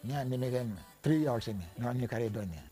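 Older man, ni-Vanuatu Bislama accent, warm mellow tone, unhurried searching speech, faint music behind. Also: mid-range voice. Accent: Bislama-speaking ni-Vanuatu. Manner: slow, searching, mixes Bislama with English and French. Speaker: interviewee. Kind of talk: oral history recollection.

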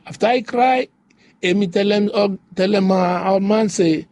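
A man's voice: high-pitched, moderate pace, darkish tone, no echo. A man preaching a devotional sermon, repeating phrases in a rhythmic, rising way. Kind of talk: devotional sermon in pidgin English.

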